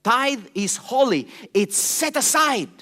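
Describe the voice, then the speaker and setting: Male pastor, high and lively voice, passionate sermon delivery with call-outs to the congregation. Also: slow pace. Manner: passionate, animated preaching with questions to the congregation.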